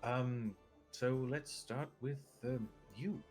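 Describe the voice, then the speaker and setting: A man's voice: mid-range voice, slow pace, faint music behind, voice pushed up, close to an everyday voice. A man voicing the male emcee of a bard contest, breezy and announcing. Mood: brisk.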